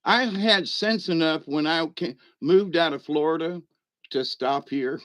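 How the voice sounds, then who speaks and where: A man's voice: fairly high pitch, slow, a bit bright, no room sound. A middle-aged man, giving a rambling, irreverent comedic monologue and chuckling at his own jokes. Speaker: vlog host.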